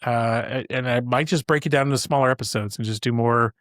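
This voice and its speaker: A man's voice: mid-range voice, fairly even intonation, a little fast, a bit bright, dry recording, clean studio sound. A man hosting his own podcast alone, chatting casually and rambling with many fillers and restarts. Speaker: podcast host. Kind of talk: solo podcast chat.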